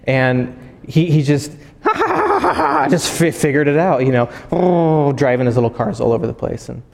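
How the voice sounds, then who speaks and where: A man's voice: on the high side, unhurried, vocal fry. Man preaching in an echoey hall. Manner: animated storytelling with acted-out voices. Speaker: pastor. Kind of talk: sermon.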